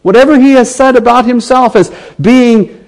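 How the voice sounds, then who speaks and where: A man preaching an expository sermon in an earnest way, repeating phrases for emphasis and swinging from hushed to raised. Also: very high-pitched, moderate pace, poor audio.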